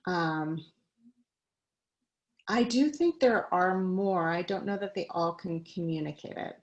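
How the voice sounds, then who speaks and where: A woman's voice: fairly low pitch, takes it slowly, highs cut off. A woman giving a conversational talk on a video call, mixing personal stories with practical advice and light laughs. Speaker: guest speaker.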